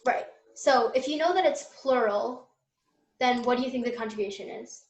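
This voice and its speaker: A young woman runs an online Spanish lesson, walking students through each point with a patient, step-by-step manner and plenty of fillers. Her voice sits a little high, and the room around her rings with echo. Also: moderate pace. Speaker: Spanish tutor. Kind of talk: online class teaching.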